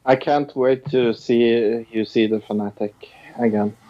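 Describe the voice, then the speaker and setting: A man's voice: mid-range voice, fairly even intonation, measured pace, dark tone, lo-fi sound. A man co-hosting a casual movie review chat. He is blunt and laughs easily. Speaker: podcast co-host.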